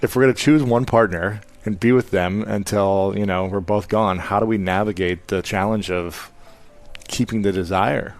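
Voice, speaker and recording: A man's voice: on the low side, fairly even intonation, moderate pace, soft background music. A man interviewing a guest, asking short, direct questions.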